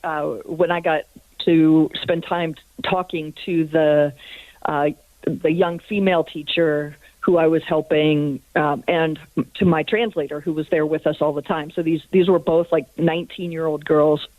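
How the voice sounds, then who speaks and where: A woman's voice: deep voice, fairly even intonation, unhurried, dry recording. A woman calling in to a radio show, telling an earnest personal story with many fillers. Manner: earnest, with frequent fillers and soft laughs. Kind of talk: personal testimony. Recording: tinny phone line.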